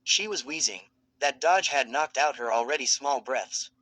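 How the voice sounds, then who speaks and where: A man narrating a fan fiction story in a steady, dramatic storytelling manner. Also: mid-range voice, normal speed, no room sound, rough recording.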